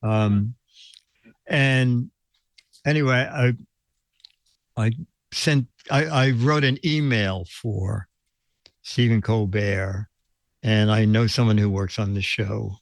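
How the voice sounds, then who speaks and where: Slow, rambling male show host. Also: lowish voice, vocal fry, no room sound. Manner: rambling, chuckling storyteller with many restarts. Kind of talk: casual live-stream chat.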